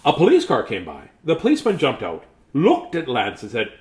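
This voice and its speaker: A man's voice: mid-range voice, wildly swooping pitch, fairly quick. A man reading a picture book aloud, chuckling and adding chatty asides to the listeners. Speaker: storybook reader.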